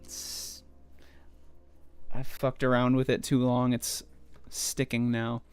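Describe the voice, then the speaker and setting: A man's voice: mid-range voice, completely flat delivery, slow, darkish tone, clear, resonant tone. A male streamer chatting loosely while he works at a microscope, rambling, swearing freely and toying with how words sound. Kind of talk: casual live-stream chat while looking through a microscope.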